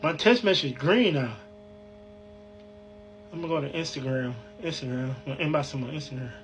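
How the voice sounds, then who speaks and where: Excitable man rambling into his phone. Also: on the high side, brisk, slight background noise. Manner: excited, rambling, repeats himself. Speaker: man filming himself. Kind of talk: casual selfie narration.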